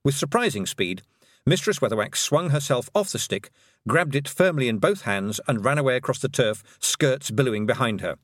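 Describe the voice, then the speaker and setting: A man reads a novel aloud in a measured, expressive way, his pitch rising and falling with the story. The voice is close and dry, with no room around it. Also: no room sound. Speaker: audiobook narrator. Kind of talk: scripted narration.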